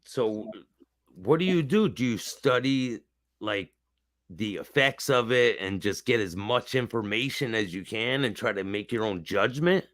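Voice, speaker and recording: A man's voice: fairly low pitch, animated, unhurried, fairly bright tone. A man hosting a casual interview, asking curious questions. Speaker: host.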